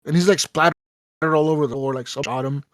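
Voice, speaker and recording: A man hosting a podcast, casually retelling a video game story in an animated, profane way and acting out the dialogue. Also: fairly high pitch, fast talker, no room sound. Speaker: podcast host.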